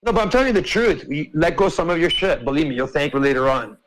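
A man's voice: on the high side, sing-song, quick pace, noisy background. A man hosting an open-mic group chat, ranting emphatically and swearing a lot. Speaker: host.

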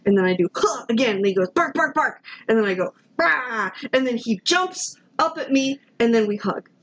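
Playful woman telling lively stories. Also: on the high side, quick pace, poor audio. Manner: playful, animated storyteller. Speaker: podcast co-host. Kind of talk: casual chat.

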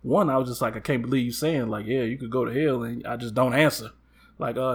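A man co-hosting a casual chat, telling stories with lively acted-out quotes and laughter. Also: mid-range voice, a little fast, slightly rough. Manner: animated, acts out quotes with loud jumps and laughs. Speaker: podcast co-host.

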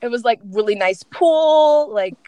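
A woman's voice: fairly high pitch, animated, measured pace, dark tone, poor audio. A young woman co-hosting a podcast from home in a chatty, frank, laughing way. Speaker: podcast co-host. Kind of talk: casual chat.

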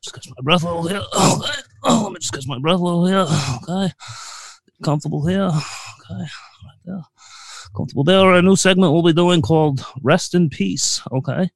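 A man's voice: high voice, fairly quick, no echo, rough recording. A man playing a fumbling late-night talk show host who halts and tacks "okay" onto nearly every phrase. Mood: rambling. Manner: breaks into off-key song snippets. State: short of breath. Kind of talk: comedy bit.

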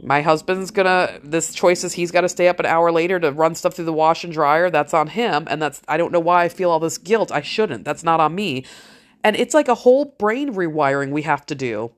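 A woman's voice: low voice, a little fast. A middle-aged woman talking in a frank, rambling, motivational monologue, swearing freely as she speaks to her listeners. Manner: blunt, heavy swearing, frank. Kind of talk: casual monologue.

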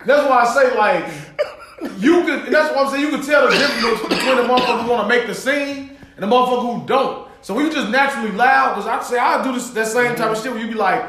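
Male podcast co-host, very high voice, animated storyteller, echoey room. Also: fast, background noise. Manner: animated, acts out quotes with shouted outbursts and profanity. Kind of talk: casual storytelling chat.

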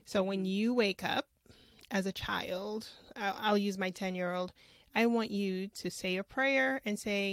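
A woman's voice: medium pitch, measured pace, no echo. A woman hosting a podcast in a casual interview, reflective and repeating words for emphasis. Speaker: podcast host.

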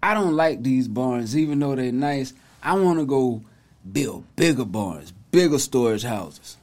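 A man's voice: medium pitch, lively intonation, unhurried, a little mellow, natural voice. A man voicing a boastful rich farmer who shows off his wealth, in a drawling, bragging way.

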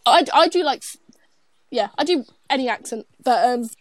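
A chatty young British woman co-hosting a podcast, with a high voice full of giggles and fillers. The sound is dry and close, with no room in it. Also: lively intonation, normal speed, dry recording. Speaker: podcast co-host. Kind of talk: casual podcast chat.

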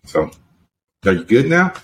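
A man's voice: medium pitch, sing-song, unhurried, a bit bright. A young man hosting a podcast, reading entertainment news in a casual, teasing, level-headed way. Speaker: podcast host.

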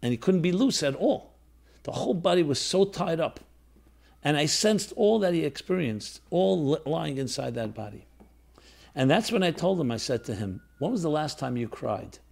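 A man's voice: on the high side, lively intonation, normal speed, creaky, darkish tone. A man, a rabbi, telling a personal story to his listeners in an earnest, reflective way, with restarts and fillers. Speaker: rabbi teaching a class.

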